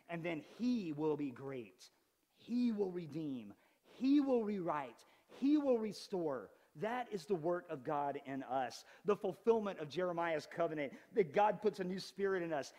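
A pastor in his forties preaching an animated, conversational sermon with touches of humor. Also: high-pitched, in a large hall. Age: 40s. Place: church sanctuary.

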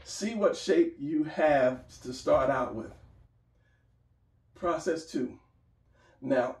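A man's voice: fairly high pitch, gravelly, darkish tone. A man giving a casual drawing lesson, talking while he sketches, encouraging and repeating phrases, recorded by a camera some distance away. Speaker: art teacher. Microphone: camera mic at a distance. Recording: roomy, distant camera mic.

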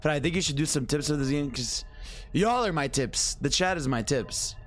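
A young man talks to his chat while he plays a scary game, loud and profane, breaking into screams and laughter. His voice sits a little high and swings widely in pitch. Faint game music plays behind him. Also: expressive, normal speed. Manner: loud, swearing, screaming and laughing at jump scares. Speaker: streamer. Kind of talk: live gameplay commentary.

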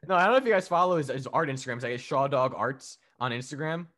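A man's voice: mid-range voice, fast talker, fairly bright tone. A man co-hosting a podcast, chatting casually and profanely about wrestling, rambling with fillers and frequent laughs. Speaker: podcast co-host. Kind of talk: casual chat reviewing wrestling.

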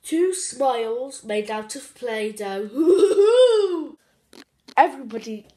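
A woman hosting a children's craft show, playful and animated, with gasps and giggles. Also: fairly high pitch, slow pace. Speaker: host of a kids' craft show.

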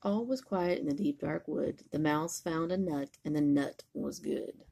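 Husky, gravelly older woman reading aloud. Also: sits low, unhurried. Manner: expressive, sing-song picture-book reading. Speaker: grandmother reading a picture book aloud. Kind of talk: storytime read-aloud.

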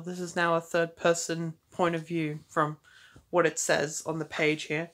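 A woman's voice: deep voice, flat delivery, measured pace, fairly bright tone. A woman reading fanfiction aloud, stopping often for casual, wry asides and restarting words as she goes. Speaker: fanfiction reader.

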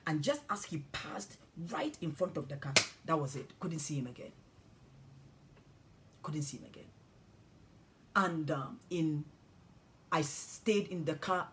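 A woman preacher telling a personal testimony in a sermon, swinging from hushed whispers to loud cries. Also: fairly low pitch, a little hiss or hum.

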